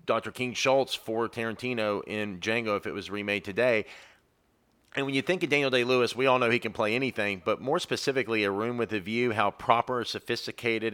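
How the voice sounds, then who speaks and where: A man's voice: lowish voice, sharp tone. A man co-hosting a casual podcast debate, emphatic and blunt, swearing when pressed. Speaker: podcast co-host arguing casting picks.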